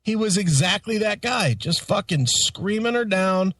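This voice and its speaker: A man's voice: high voice, measured pace, no room sound, far from the mic. A man co-hosting a radio show, telling a story in a profane, casual way, swearing constantly and laughing as he talks. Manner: animated, swears constantly, laughs through stories. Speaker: radio co-host.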